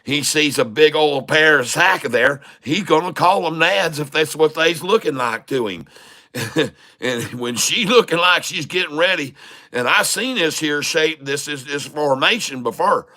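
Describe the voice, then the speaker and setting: Man, trading livestream host, bright voice, folksy crude humor with chuckles. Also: fairly high pitch, lively intonation, unhurried. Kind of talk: casual rambling livestream commentary.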